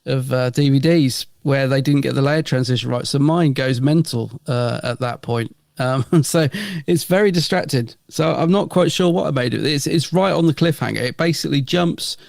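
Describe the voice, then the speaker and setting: A man's voice: mid-range voice, moderate pace, vocal fry, hardly any pauses, a little mellow, dry recording, clean studio sound. A man co-hosting a podcast, chatting in a rambling way and chuckling often. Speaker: podcast co-host. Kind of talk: casual review chat.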